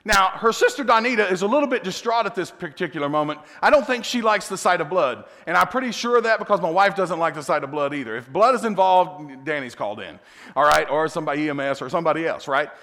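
A middle-aged man preaching a sermon, telling a family story with animated asides and chuckles. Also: fairly high pitch, fast. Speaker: pastor. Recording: long hall reverb.

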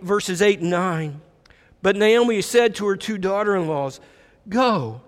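A man preaching a sermon, retelling a story reflectively with repeated phrases. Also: high voice. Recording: echoey hall reverb.

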